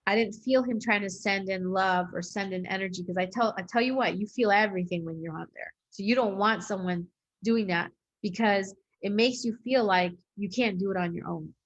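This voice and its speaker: A woman's voice: mid-range voice, brisk. A woman hosting an interview, telling her own story in a loose, rambling way with lots of fillers and acted-out quotes. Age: adult with a young daughter. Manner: rambling, heavy use of "like" and "um"; acts out quoted dialogue. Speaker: host sharing her own experience.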